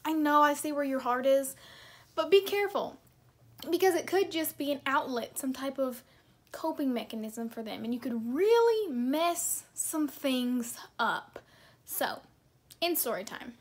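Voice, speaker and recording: A woman's voice: high-pitched, lively intonation, a little slow. A young woman vlogger chatting casually and self-deprecatingly, with lots of fillers as she reacts to her posts.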